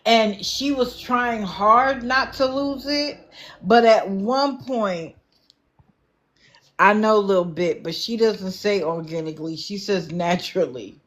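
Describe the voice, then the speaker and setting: A woman's voice: medium pitch, takes it slowly. A woman doing casual livestream commentary, blunt and lecturing, with an exasperated edge. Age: adult, not young.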